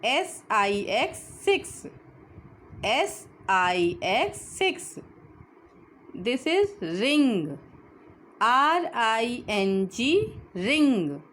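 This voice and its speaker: A woman teaches children phonics at a very slow, deliberate pace. Her pitch swings widely as she spells each word letter by letter and then says it again. A faint hum of background noise sits under her voice. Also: big pitch swings, fairly bright tone.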